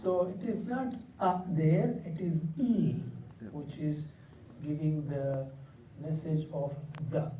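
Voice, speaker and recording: A male Arabic teacher leading a classroom lesson, patiently repeating words slowly and quizzing his students. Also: a little high, fairly even intonation, warm tone, slight background noise. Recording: echoey dull room sound from a distance.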